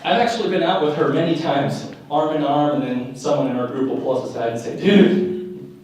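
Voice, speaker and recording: A man's voice: medium pitch, fast, darkish tone, a little hiss or hum. A young man performing live stand-up comedy, telling wry self-mocking stories and acting out the dialogue. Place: live venue before an audience. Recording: very echoey room, voice from far off.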